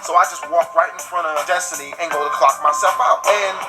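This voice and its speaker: A man's voice: on the high side, fast talker, over loud music. A young man telling a comic story in casual slang, acting out the voices of the people in it. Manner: lively, slangy, acts out every voice.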